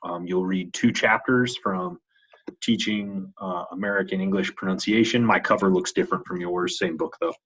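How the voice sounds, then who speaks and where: A man's voice: sits low, fairly even intonation, moderate pace, fairly bright tone, slightly rough. A man teaching a course, introducing the week's reading in a hesitant way with many fillers. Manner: hesitant, many ums and restarts. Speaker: course instructor. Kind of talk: recorded weekly lecture intro. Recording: dull lo-fi recording.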